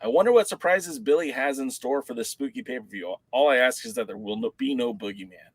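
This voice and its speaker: A man co-hosting a wrestling chat podcast, his pitch sitting in a middle range. He tells stories with a lot of energy and acts out the voices of the people in them. The sound is dry, with no room around it. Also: brisk, no room sound, rough recording. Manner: animated storyteller, acts out quoted voices. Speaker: podcast co-host.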